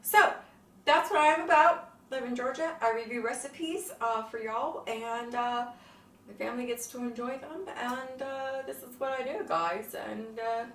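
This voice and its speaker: A woman hosting her cooking channel in a casual, bubbly vlog, excitable and swearing freely. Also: fairly high pitch, measured pace, a little hiss or hum. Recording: echoey room, mic at a distance.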